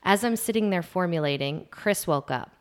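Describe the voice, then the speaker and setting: Lower-pitched woman, a lively storyteller. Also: moderate pace. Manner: animated storyteller, laughs often, drops to a hushed voice at the embarrassing parts. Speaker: podcast host. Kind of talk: casual podcast chat.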